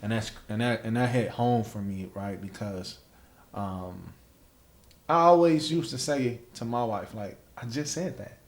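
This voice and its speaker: A man's voice: on the low side, measured pace, reverberant. A man hosting a podcast in casual interview chat, emphatic and fond of saying "like" and "right?". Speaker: podcast host.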